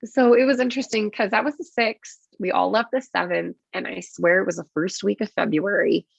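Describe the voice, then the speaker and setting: A woman's voice: medium pitch, vocal fry, slightly rough, dry recording. A woman nurse being interviewed on a podcast, telling a story casually with lots of swearing and acted-out quotes, on dull lo-fi audio. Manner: swearing, quick and vivid, acts out her own quotes.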